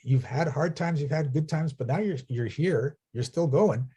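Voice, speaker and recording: During a coaching session, a business coach tells stories to his client and keeps checking in with "right?" His voice is on the high side, mellow and husky, at a normal speed.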